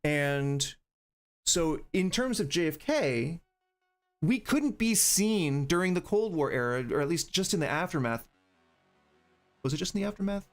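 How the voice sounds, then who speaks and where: Male streamer host, pitch a bit high, swings wide when riled, cusses while ranting, music low behind. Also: animated, unhurried, pauses often. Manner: ranting, profane, rambling with restarts. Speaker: podcast host. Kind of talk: livestream commentary.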